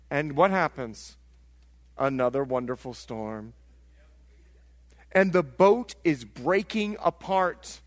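High-voiced Liberian-born preacher, dramatic swings. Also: male voice, animated, slow, pauses often. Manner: storytelling, acts out voices, swings from hushed to shouting. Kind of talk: sermon.

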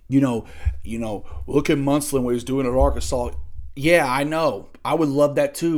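A man hosting his own podcast, ranting angrily and profanely about college sports, swinging from loud outbursts to low muttering, recorded in a small home studio. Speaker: podcast host.

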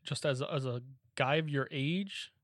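A man's voice: fairly high pitch, normal speed, no echo, studio quality. A young man on a casual podcast who reads statements aloud and then gives his plain verdict on them. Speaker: podcast co-host reading questionnaire items. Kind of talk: casual chat.

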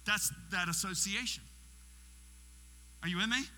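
A high, sharply bright male voice preaches as a guest speaker in his sixties. He tells his stories with acted-out quotes and direct questions to the congregation. The sound rings with the long reverb of a big hall, over a faint mains hum. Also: a little slow. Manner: storytelling, acting out quotes and questioning the audience. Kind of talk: sermon.

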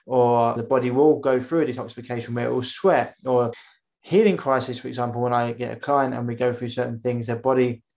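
A man hosts a casual podcast chat at a middle pitch. He rambles on in animated bursts, breaking off to act out other people's voices before he picks the thread back up. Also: fairly quick, vocal fry. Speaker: podcast host. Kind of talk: casual conversational interview.

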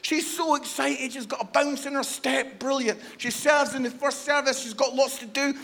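A man preaching in a strikingly high, bright, forceful voice. He delivers a passionate sermon, sinking to hushed near-whispers and then building to shouts. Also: fairly even intonation, normal speed, gravelly. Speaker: guest preacher. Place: church service.

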